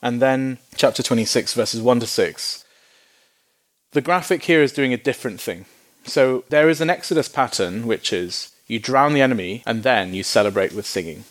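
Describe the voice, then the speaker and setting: Male preacher, mid-range voice, lively and humorous sermon delivery with playful voiced asides. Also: medium pitch, normal speed. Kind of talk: sermon Bible teaching.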